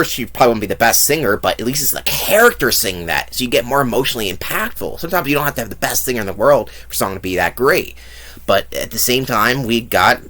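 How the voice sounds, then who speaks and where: A man ranting through a movie review in a low, bright voice that swings up and down a lot. He is blunt and profane and mocks what he dislikes with scornful asides. His talk is a casual monologue made to be watched online. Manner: blunt, profane and mocking, with fake sung bits.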